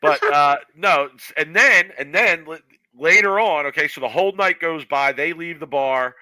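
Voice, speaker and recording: Bright, lively storytelling man. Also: fairly high pitch, normal speed, no echo, poor audio. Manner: animated storyteller, acts out quoted voices. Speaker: podcast co-host. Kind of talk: casual storytelling chat.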